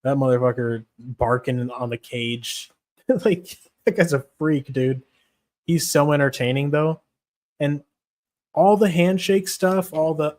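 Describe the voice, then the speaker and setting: A man's voice: on the high side, slow pace, darkish tone. Casual, profane young male streamer. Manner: profane, rambling, laughs often. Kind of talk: casual MMA stream chat.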